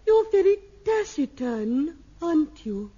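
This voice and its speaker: An actress playing a stiff amateur actress reading melodrama lines in a stilted, wooden way, in a 1960s radio sitcom. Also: female voice, sits high, big pitch swings, measured pace, mellow. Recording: dull lo-fi old radio recording.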